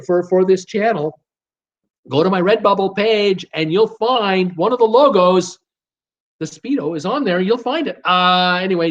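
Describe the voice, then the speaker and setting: A man's voice: a little high, highs cut off. A man hosting a live cruise show, chatting casually and upbeat as he reads viewer comments aloud, with frequent fillers and hesitations.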